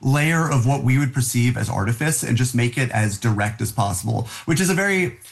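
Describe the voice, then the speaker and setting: A man of mid pitch talks through his thoughts in a casual podcast. He searches for words as he goes, and his voice leaps upward whenever he stresses a point. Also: animated, fairly quick, gravelly. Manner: thoughtful, many fillers and restarts, jumps up in pitch on key words. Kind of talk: casual discussion.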